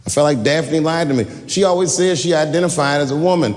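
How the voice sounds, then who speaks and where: A man's voice: on the high side, normal speed, few pauses. A man telling stories as a comedian, on stage and in talk-show chats, laughing often and slipping into quoted dialogue. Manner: laughing, animated storyteller who breaks into quoted dialogue. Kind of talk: stand-up and talk-show storytelling. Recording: noisy compilation clip.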